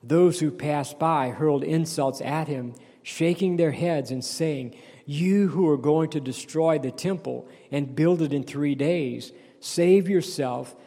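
Gravelly-voiced man preaching a sermon. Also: medium pitch, mellow, in a large hall. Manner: reads scripture aloud then explains it, with restarts and calls of "Amen?". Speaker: pastor.

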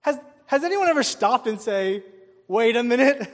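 A man preaches a sermon, animatedly telling a personal story, asking the crowd questions and chuckling often. His voice is very high and unhurried, carried by a long hall reverb.

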